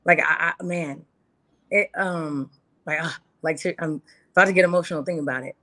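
This podcast guest, a woman in her thirties, has a low-sitting voice and speaks a little fast. Chatting informally with the host, she gets earnest and lively, acting out quotes in her own words.

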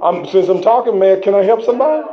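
A man's voice: sits high, lively intonation, fast talker, over a noisy crowd. A man preaching a sermon in a fervent, colloquial way, full of rhetorical questions to his listeners. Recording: dull lo-fi recording.

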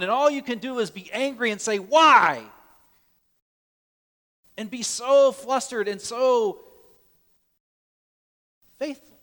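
A pastor with a high voice preaches earnestly in a large hall. He swings between loud, urgent lines and hushed, soft ones, often repeating words as he restarts.

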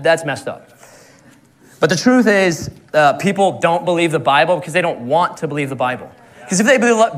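Young man preaching, slightly high voice, earnest, chuckles through his anecdotes. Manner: earnest, laughs often at his own stories. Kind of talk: sermon.

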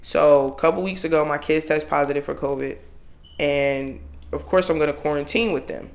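Animated profane man telling a story. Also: fairly high pitch, moderate pace, gravelly. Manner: animated, profane, jumps into exclaimed quotes. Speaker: podcast co-host. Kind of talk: casual storytelling chat.

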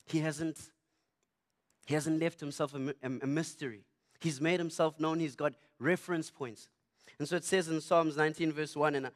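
A young man, preaching through a funny personal story. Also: a little high. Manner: animated, humorous, self-mocking.

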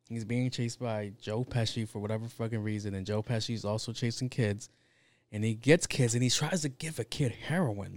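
A man with a mid-range, dark-toned voice goes on a casual comedic rant, rambling and swearing with plenty of fillers. The recording is dry.

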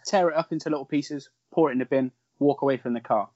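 A man's voice: mid-range voice, fast talker, a little mellow, no echo, highs cut off. A man co-hosting a casual, joking film podcast, swearing often. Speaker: podcast co-host.

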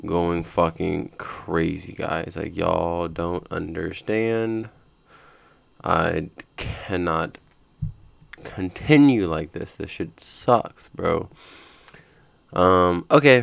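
Low gravelly young man podcasting. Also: no room sound. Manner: rambling, profane, frustrated. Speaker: podcast host. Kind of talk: casual chat. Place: his own room at home.

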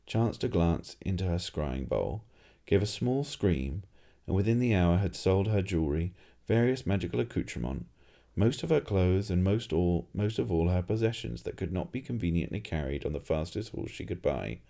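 A man reading a humorous fantasy story aloud as narrator, in a dry, lively storytelling manner. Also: low voice, normal speed, creaky. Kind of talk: audiobook reading.

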